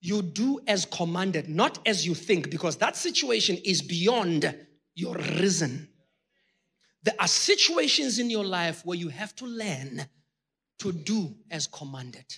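A man preaching a sermon with passion, talking straight to his congregation and rising to shouted peaks. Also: high voice, big pitch swings, takes it slowly, husky. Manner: addresses the congregation directly.

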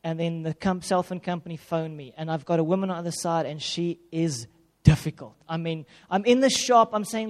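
A man, a pastor, telling a lively, self-mocking personal story in a sermon. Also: a little high, brisk, hardly any pauses. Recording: long reverb of a hall.

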